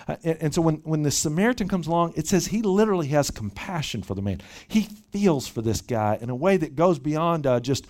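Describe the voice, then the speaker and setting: A man delivering a sermon to a retreat gathering. His pitch sits somewhat high and moves a great deal, rising and falling as he presses each point. He stumbles over and repeats opening words as he goes. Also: brisk, hardly any pauses. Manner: animated, repeats words when starting a thought. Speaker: pastor. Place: church retreat session.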